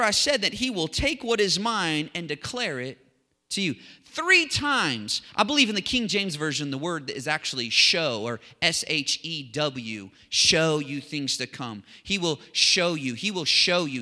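A man preaching a sermon in a chatty, animated way, full of asides and restarts. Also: a little high. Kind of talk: casual conversational sermon. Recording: long hall reverb.

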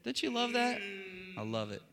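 A man preaching a sermon as a pastor, talking with rising animated excitement. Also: very high-pitched, normal speed, vocal fry. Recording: long hall reverb.

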